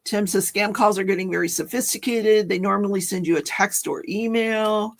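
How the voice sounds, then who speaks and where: An older woman hosts a casual livestream in a voice with a gravelly, creaky edge. She rambles through her story, backtracking and correcting herself along the way. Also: mid-range voice, moderate pace. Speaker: livestream host.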